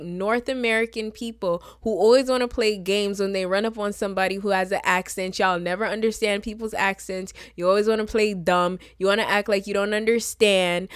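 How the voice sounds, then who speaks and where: A woman in her twenties rants on her solo podcast, sassy and exasperated, and throws in mocking voices. Her pitch sits in the middle range. The sound is dry and close, with no room echo. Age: 20s. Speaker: podcast host. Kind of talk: casual solo podcast rant.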